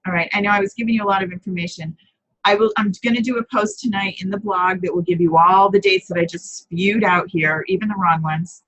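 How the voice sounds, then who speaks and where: A woman's voice: medium pitch, a bit bright, poor audio. A woman hosting a live papercrafting chat, talking casually, answering viewers by name and often correcting herself as she goes.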